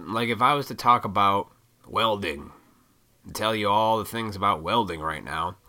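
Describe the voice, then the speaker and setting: A man's voice: low voice, sharp tone. A young man hosting a podcast, ranting bluntly and profanely with strong opinions. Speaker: podcast host. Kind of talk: casual rant.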